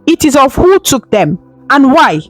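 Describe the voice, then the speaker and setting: A woman's voice: high-pitched, big pitch swings, a little slow, dry recording, faint music behind. A woman voicing a trembling, tearful confessing woman. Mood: pleading. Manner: trembling, pleading.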